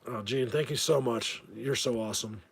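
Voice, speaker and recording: A man's voice: medium pitch, moderate pace, creaky, slightly rough. A man hosting a casual livestream, rambling and stammering as he thanks viewers, bothered by a whistling ringing in his ears. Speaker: livestream host.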